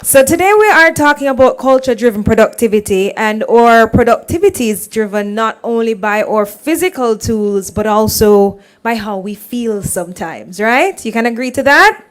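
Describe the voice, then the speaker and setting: A woman's voice: fairly high pitch, lively intonation, moderate pace, few pauses. A woman hosting a forum event, upbeat and encouraging as she introduces speakers. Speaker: event host. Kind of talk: emceeing a forum.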